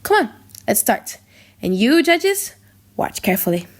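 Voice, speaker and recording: A woman's voice: on the high side, big pitch swings, unhurried. A woman reading the lines of a scheming older king in an audiobook drama, commanding and ceremonious.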